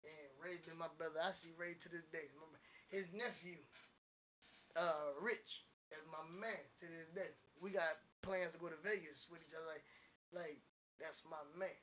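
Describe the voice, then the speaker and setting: A man telling a long story on a casual podcast, animated, profane and rambling. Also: a little high, moderate pace, slight background noise. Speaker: podcast guest.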